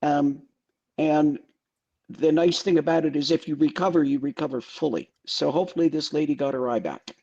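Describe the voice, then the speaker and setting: A man's voice: on the high side, normal speed, creaky, warm tone, highs cut off. A man co-hosting a live stream, explaining things in casual chat with a stop-start delivery.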